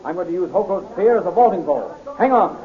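An actor playing a confident, athletic young hero in a 1930s radio serial. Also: male voice, sits high, expressive, quick pace, muffled recording. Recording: scratchy 1930s radio recording.

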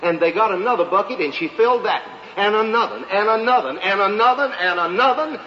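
A man's voice: high-pitched, a little fast, sharp tone, a little hiss or hum. A man telling a folksy comic tale in a live monologue, in a dull, echoey live recording. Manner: folksy drawling storyteller, feigned humility. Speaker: comedian.

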